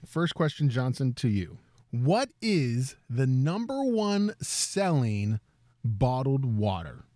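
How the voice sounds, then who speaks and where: A man hosting a trivia game, reading out questions and answer choices slowly and deliberately. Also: mid-range voice, sing-song, mellow, dry recording, clean studio sound. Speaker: quiz host.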